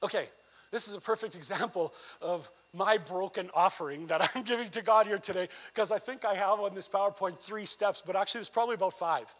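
High-voiced Canadian man preaching. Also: fairly quick. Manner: animated preaching that swells into emphatic near-shouts; conversational asides with frequent "you know". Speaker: evangelist. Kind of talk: sermon.

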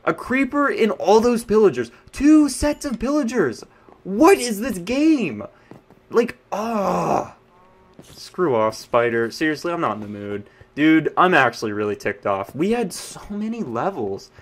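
A young man giving live gameplay commentary, frustrated and ranting, swinging between yelling and muttering. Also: high voice, very animated, unhurried. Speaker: gaming YouTuber.

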